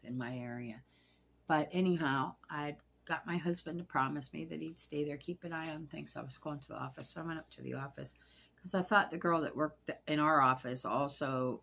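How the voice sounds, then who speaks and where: Low husky woman, halting storytelling. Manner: rambling, halting retelling with hushed asides; shaken, anxious. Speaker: vlogger telling a personal story. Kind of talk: casual storytelling to camera.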